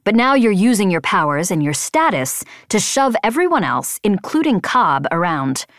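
A woman's voice: medium pitch, big pitch swings, moderate pace, dry recording, clean studio sound, lightly acted. A woman voicing a stern young male flight leader who speaks firmly and lectures. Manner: firm, lecturing.

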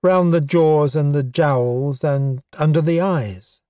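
Proud, eager goblin science officer, voiced by a male narrator; higher, excitable storybook voice, dry booth. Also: slow pace, clear, resonant tone, dry recording. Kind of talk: audiobook character voice.

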